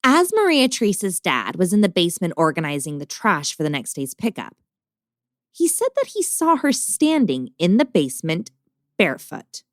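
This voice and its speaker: Woman, podcast host, scripted narration, animated pitch, dry recording. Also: moderate pace, no room sound.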